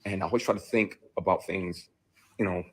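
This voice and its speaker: A man with a very low, husky voice tells a raw personal story. He talks bluntly and with feeling, and he swears freely. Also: fairly even intonation, fairly quick, fairly bright tone. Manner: blunt, emotional storytelling with profanity. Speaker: actor. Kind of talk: played clip of a personal account.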